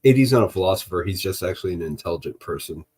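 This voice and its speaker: A man's voice: low voice, lively intonation, very fast, a little mellow. A man streaming late at night, chatting casually and joking with his viewers. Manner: laid-back, joking, chats to viewers.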